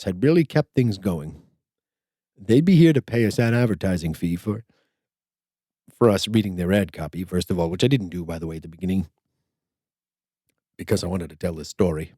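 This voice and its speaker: A man's voice: sits low, expressive, moderate pace, long pauses, warm tone, no room sound, studio quality. An older man hosting a podcast, telling a rambling story with lots of stammered restarts. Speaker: podcast host. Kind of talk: casual storytelling chat.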